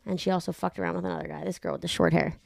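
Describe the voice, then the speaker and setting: A young adult woman hosting a podcast in casual chat, animated, profane and rambling into a studio microphone. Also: on the low side, rapid-fire, vocal fry, dry recording. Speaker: podcast host.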